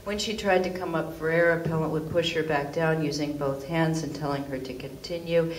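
A woman giving a live reading in a venue, chanting long lists of words in steady succession, then recounting events in a flat, deadpan way. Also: low voice, fairly quick. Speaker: writer giving a public reading. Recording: echoey venue with faint background hum.

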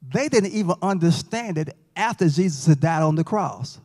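A man's voice: on the high side, lively intonation, normal speed, a little mellow. A man teaching a Bible lesson in church, folksy, joking with and quizzing the class. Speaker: Sabbath school teacher. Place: church sanctuary. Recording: long church reverb.

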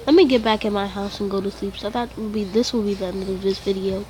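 A woman giving casual commentary on her own game, excitable and quick to exclaim when startled. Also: medium pitch, background noise. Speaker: let's play gamer.

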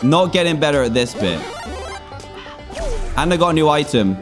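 Young guy, game commentary, lively swinging pitch, a bit high, faint music under him. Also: normal speed, long pauses. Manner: excitable, exclaims and groans at failures. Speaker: gaming YouTuber. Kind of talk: gameplay commentary.

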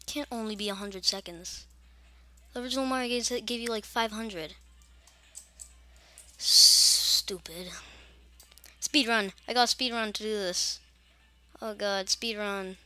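A woman's voice: medium pitch, steady tone, normal speed, bright, forceful tone, faint music behind. A young woman casually commenting on a game as she plays it, chatty and grumbling, with mock-scared asides. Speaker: gaming channel host.

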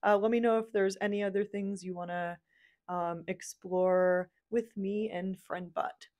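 Cheerful woman walking thru a tech demo at her desk, chatty, keeps saying yay, normal pitch. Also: steady tone, a little slow, darkish tone. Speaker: software demo host. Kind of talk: casual demo narration.

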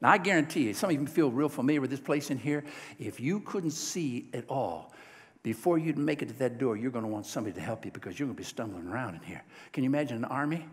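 A male preacher telling a Bible story in a sermon, lively and folksy, often asking the congregation questions. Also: mid-range voice, fast, in a large hall. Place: church sanctuary.

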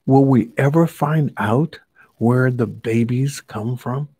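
A man voicing an eager, curious male lion in a children's storybook, repeating himself in excitement. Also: medium pitch, takes it slowly, breathy edge, dry recording.

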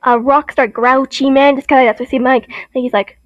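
Young woman, high voice, rambling and giggly, casual lore explanation, dull dry sound. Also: steady tone, brisk, no echo. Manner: rambling, giggly, with many restarts. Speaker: video creator.

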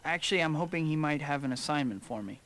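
An actor playing a wry, easygoing young superhero photographer in a video game. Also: male voice, a little high, expressive, quick pace, fairly bright tone, slight background noise.

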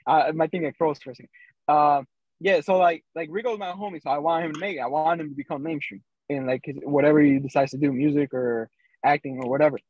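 A man's voice: a little high, steady tone, fast, darkish tone, no room sound. Podcast co-host, man, rambling casual storyteller, muffled remote-call sound. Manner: loose storytelling with many fillers. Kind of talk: casual chat.

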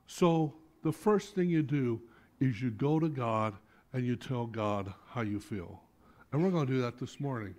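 A middle-aged man preaching a sermon as pastor in a church, animated, rising to loud appeals and dropping to soft asides. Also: medium pitch, normal speed. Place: church sanctuary.

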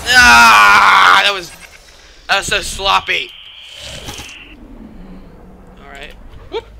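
A young man commenting on a video game, excitable and given to sudden yelps and shouted exclamations. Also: high-pitched, a little hiss or hum. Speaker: gamer doing commentary. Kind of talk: let's play commentary.

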